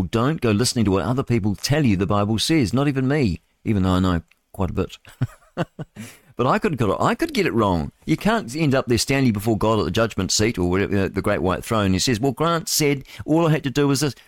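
Male NZ talk-radio host, low voice, dry booth sound, rambling and opinionated, trips over headlines. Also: very animated, fast, no echo. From New Zealand. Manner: stumbles over words while reading headlines aloud. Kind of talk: live talk radio, reading and riffing on news.

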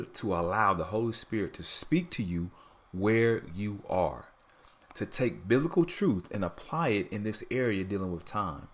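A man's voice: on the low side, fairly bright tone. A man preaching on a sermon podcast, earnest and mixing scripture with casual asides and repeated phrases.

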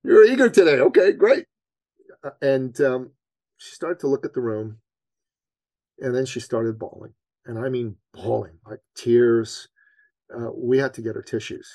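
A man, a business coach, telling a personal story on a podcast in an earnest, animated way that leans on his faith. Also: mid-range voice, unhurried, long pauses, no room sound. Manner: animated storyteller, acts out his own panic.

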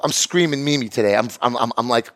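A man's voice: medium pitch, fast talker, a bit bright. A middle-aged man telling a heated story on a podcast, acting out both sides of the conversation. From Italian heritage. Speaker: podcast co-host, barbecue business owner. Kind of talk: animated storytelling rant.

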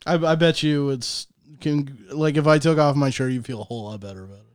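A man's voice: a little high, a little fast, no room sound, clean studio sound. A man co-hosting a podcast, cracking crude jokes in casual banter. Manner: crude, wisecracking. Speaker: podcast co-host.

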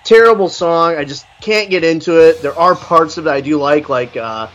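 A man co-hosting a podcast, ranting bluntly and profanely as he tells animated stories. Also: fairly high pitch, moderate pace. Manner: animated storytelling. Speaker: podcast co-host reviewing an album. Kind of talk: casual podcast chat.

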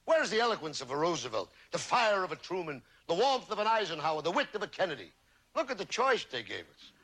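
A man does stand-up on an old TV broadcast, his high, fairly bright voice very animated and quick. He hits his jokes punchily with rising punchlines, while the noisy archival audio captures the crowd laughing.

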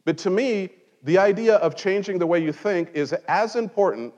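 A man's voice: sits high, expressive, moderate pace, darkish tone, big-room sound, muffled recording. A man who grew up in Mexico, preaching a conversational sermon from a pulpit in church and mixing in wry jokes. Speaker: pastor.

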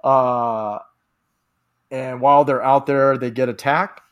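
A man's voice: mid-range voice, fairly even intonation, slow, clean tone, muffled recording. Man, casual podcast co-host, rambling and giggly, mid-range voice. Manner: rambling, laughs often, acts out quotes. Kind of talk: casual chat recapping a film.

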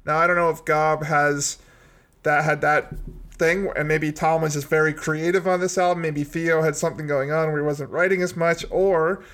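A man's voice: on the high side, fairly even intonation, normal speed, a bit bright. A man co-hosting a casual music podcast, rambling and hedging as he thinks aloud. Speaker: podcast co-host.

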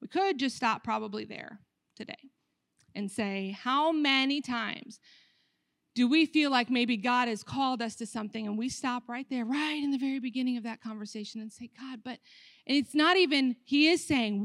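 An American woman pastor preaching a sermon, talking conversationally to the room and acting out dialogue with lively shifts in her voice. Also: on the high side, normal speed, no echo, studio quality. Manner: animated, acts out dialogue with her voice; conversational, asks the room questions.

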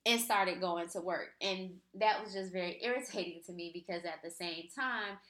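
A woman's voice: on the low side, normal speed, fairly bright tone. A woman casually recounting an everyday story in a chatty, exasperated way, with lots of fillers. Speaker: vlogger. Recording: roomy echo.

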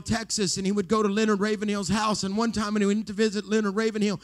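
Man, high voice, pastor preaching, hushed whispers to loud cries. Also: level tone, fast. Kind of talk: sermon.

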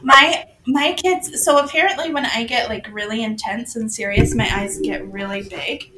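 Chatty woman with a slightly high voice. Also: normal speed, very noisy. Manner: laughs often, chatty and self-deprecating. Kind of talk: casual chat. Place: bedroom, sitting on the floor. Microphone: desk microphone.

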